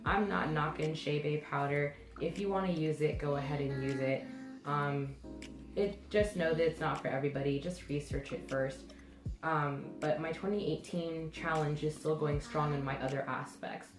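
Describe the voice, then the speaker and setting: A woman's voice: low-pitched, steady tone, normal speed. A young woman vlogging about her hair care, talking casually with a stuffy, nasal voice from the flu and many hesitant ums. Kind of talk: casual talking-to-camera vlog. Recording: roomy sound with music behind.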